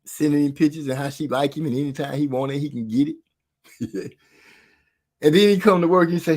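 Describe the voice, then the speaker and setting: A man with a slightly higher voice tells a long story in a loose, slangy way. His delivery is animated, and he keeps chuckling as the tale builds. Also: normal speed, pauses often. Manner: animated, slangy, laughs while telling stories. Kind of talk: casual storytelling chat.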